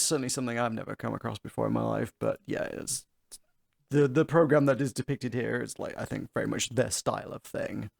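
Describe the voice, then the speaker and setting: A man's voice: medium pitch, vocal fry, dry recording, clean studio sound. A man co-hosting a podcast, chatting casually and laughing as he talks. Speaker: podcast co-host. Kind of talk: casual chat.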